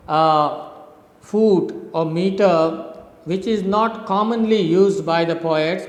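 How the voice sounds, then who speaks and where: A man from India lectures on poetic meter in an unhurried, deliberate way, his voice sitting a little higher than most. He repeats each example patiently. The sound rings with long reverb, as if recorded in a large hard room. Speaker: English literature professor.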